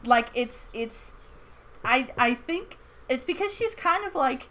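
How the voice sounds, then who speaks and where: Woman, casual chat, very lively pitch, giggly, keeps slipping into character quotes. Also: slow. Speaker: tabletop game player.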